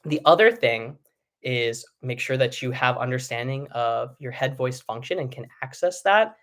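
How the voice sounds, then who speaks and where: A man's voice: medium pitch, normal speed, fairly bright tone. A man coaching singers on a live stream, talking in a mid-range voice. His explanations wander a little, full of ums, restarts and asides. The delivery is casual and unscripted. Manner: loose explanatory talk with many ums and restarts. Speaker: vocal coach. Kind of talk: live-streamed singing lesson.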